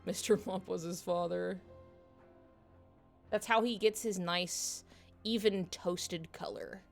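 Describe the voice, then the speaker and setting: A woman's voice: fairly low pitch, takes it slowly, gravelly. Giggly woman streamer over game music. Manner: giggly, animated storytelling. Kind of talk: casual chat while playing a video game.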